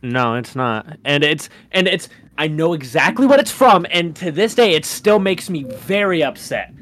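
A man co-hosting a podcast who tells an aggrieved story in casual chat, often pausing to grope for words. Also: fairly high pitch, expressive, a bit bright. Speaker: podcast co-host.

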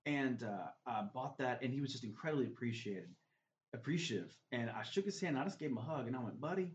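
A man's voice: mid-range voice, animated, fast talker, slight background noise. A man telling a faith story as a guest, earnest and full of "man" fillers. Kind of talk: faith testimony in conversation. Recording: roomy, slightly dull recording.

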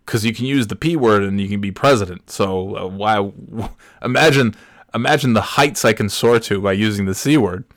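A man in his forties with a low voice tells stories at a loose, rambling pace, doubling back on his words and breaking into laughter. He sounds close and dry, with no echo at all. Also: moderate pace. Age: 40s. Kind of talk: casual storytelling monologue.

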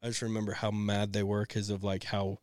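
A young man co-hosting a podcast, telling a family story in an animated way and laughing often. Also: lowish voice, brisk, no echo, clean studio sound. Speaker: podcast co-host. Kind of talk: casual storytelling chat.

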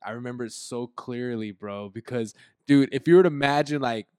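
A man's voice: medium pitch, a little fast, a little mellow, clean tone, no echo, clean studio sound. A young man hosting a podcast, telling a childhood story in casual chat, with a lot of slang and swearing. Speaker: podcast host.

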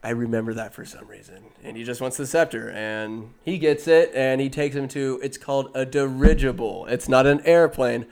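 A man's voice: medium pitch, normal speed, few pauses, a little mellow. Rambling man recapping a movie. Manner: rambling, jokey, self-interrupting. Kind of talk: casual rambling film recap.

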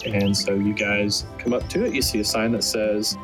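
A man's voice: on the low side, steady tone, normal speed, over music, poor audio. A man narrating as game master, rambling with many fillers and restarts.

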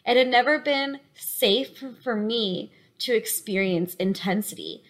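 A young adult woman co-hosting a podcast, talking openly and emotionally in casual chat, with quick bursts and many fillers. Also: on the high side. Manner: open, emotional, talks in quick bursts with frequent likes and you-knows. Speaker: podcast co-host.

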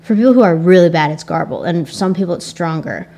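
A woman's voice: fairly low pitch, animated, quick pace, mellow. A young adult woman with an Asian American accent hosting a casual solo podcast, reflective and rambling with frequent restarts. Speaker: podcast host.

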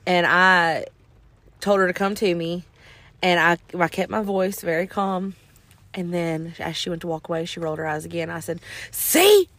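Animated woman telling stories. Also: lowish voice, normal speed, no room sound. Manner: animated, acts out quotes in exaggerated voices. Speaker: podcast co-host. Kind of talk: casual storytelling chat.

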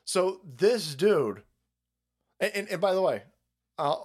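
A man ranting on a live stream, swearing freely and hammering his points again and again. His voice sits a little high for a man and swings widely in pitch. He mocks and jeers as he goes. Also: lively intonation, takes it slowly, husky. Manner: heated, repetitive, mocking. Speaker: stream host. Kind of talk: profane political rant.

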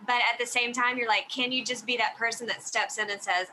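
Woman cohost telling stories fast, bright voice, little hiss behind. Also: a little high, steady tone, rough recording. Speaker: podcast co-host. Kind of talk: casual faith chat.

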